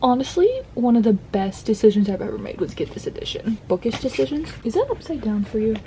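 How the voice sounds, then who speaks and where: A young woman book vlogger chats casually about books at home during a storm, her fairly high, warm voice animated and a little fast, with slight background noise. She gushes and says "like" a lot. It's recorded on a phone or camera mic because her clip-on mics are dead.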